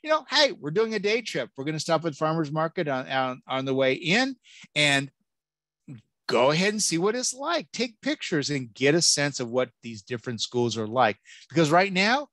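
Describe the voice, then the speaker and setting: Animated, jokey man giving a talk. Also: a little high, moderate pace, no echo. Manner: lively, jokey, exclamatory. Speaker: college admissions keynote speaker. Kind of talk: animated presentation with audience Q&A.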